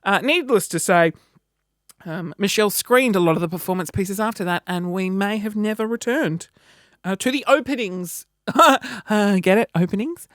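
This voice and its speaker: A woman, telling a story in a casual vlog with animated, wry delivery. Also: mid-range voice, normal speed, dry recording, studio quality. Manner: animated, wry, acts out quoted reactions. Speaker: vlogger.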